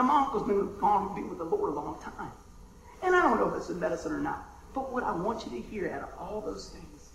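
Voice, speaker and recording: Animated pastor preaching a story. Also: male voice, high voice, creaky, echoey room, a little hiss or hum, rough recording. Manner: animated, conversational preaching with dramatic drops to a hush. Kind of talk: sermon storytelling.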